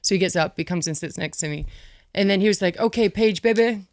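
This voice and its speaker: A woman, a former pro wrestler, tells stories as an interview guest, animated and swearing freely. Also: on the low side, quick pace, no echo, studio quality. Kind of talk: casual interview storytelling.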